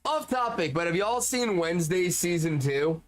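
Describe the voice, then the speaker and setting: A man's voice: sits high, animated, normal speed. A man streaming and chatting casually with his chat, swearing freely and often laughing.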